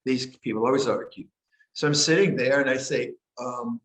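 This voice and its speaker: An older man leads a meditation session and dharma talk at a middle pitch. He speaks gently and without hurry, circling back and restarting phrases as he thinks. The sound carries the roomy echo of a monastery hall. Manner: gentle, unhurried, with frequent restarts and pauses. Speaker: meditation teacher. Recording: echoey hall.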